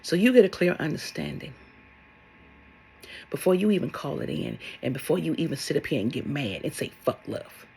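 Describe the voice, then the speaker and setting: A woman's voice: low voice, big pitch swings, fairly quick, creaky, mellow, breathy edge. A woman speaking as a spiritual love coach in a vlog monologue, blunt and sassy, swearing and firing rhetorical questions at her viewers.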